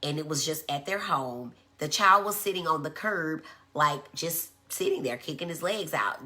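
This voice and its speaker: A woman giving a conversational live-streamed educational talk. She acts out quoted speech in a high voice. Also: normal speed, bright, forceful tone. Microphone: phone.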